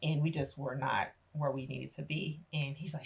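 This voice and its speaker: A low-voiced woman with a husky grain tells her life story as a podcast guest. She is middle-aged, talks with feeling and slips into the voices of the people in her tale. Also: normal speed. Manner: animated retelling, acting out family members' voices. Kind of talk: emotional personal storytelling.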